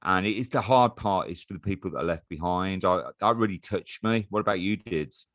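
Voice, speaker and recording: Male podcast host, lowish voice, chatty, teasing, casual. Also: a little fast, fairly bright tone. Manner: chatty and teasing, with frequent restarts. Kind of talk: casual chat.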